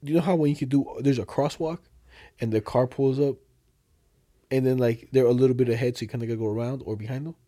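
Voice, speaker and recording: A young man in casual chat, telling animated, slangy stories and acting out the other people in them. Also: medium pitch, quick pace. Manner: animated storytelling, slangy, acts out others' lines.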